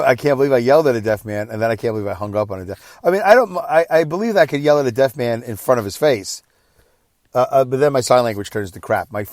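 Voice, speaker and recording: A tired, exhausted man hosting a podcast, telling a personal story in a rambling, emotional way that swings between quiet and loud. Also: medium pitch, no room sound, studio quality. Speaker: podcast host.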